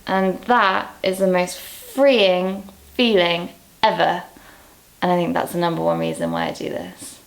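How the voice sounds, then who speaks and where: A young woman from England talking casually to camera in a vlog, candid and quick to laugh at herself, a little out of breath. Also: on the low side, steady tone, creaky. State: out of breath, low on energy. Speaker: vlogger.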